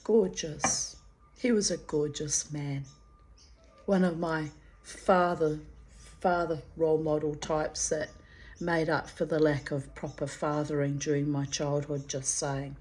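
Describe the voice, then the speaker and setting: A woman's voice: low voice, little pitch movement, takes it slowly, a little mellow. Fond, reminiscent woman reading her memoir. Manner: fond, reminiscent, digressive asides and laughter. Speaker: memoir reader.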